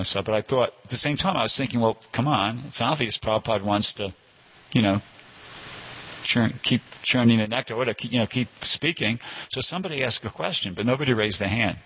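A man's voice: fairly low pitch, a little fast. An older man telling a rambling personal anecdote at a temple class, often circling back to correct himself. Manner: rambling, digressive, frequent self-corrections. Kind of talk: informal anecdotal storytelling. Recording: dull lo-fi recording.

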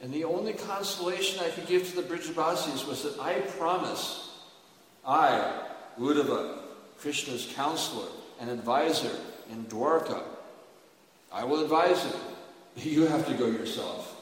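A man putting on a grieving royal counselor, voice pushed up high and loud with distress and pleading. The words ring through a big echoey hall, caught from well back off the mic. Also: distant mic. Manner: raised, urgent pleading.

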